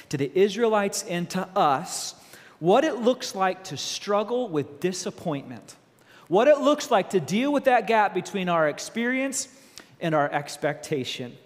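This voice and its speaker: A man preaching a sermon as a pastor, animated and full of rhetorical questions. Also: sits high, big-room sound.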